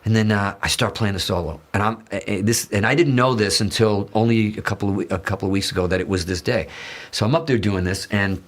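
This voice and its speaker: A man with a lowish voice tells an interview story. He is animated and profane, stumbles through restarts and acts out the lines of the people in his story. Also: fast talker. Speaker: guitarist and interview guest.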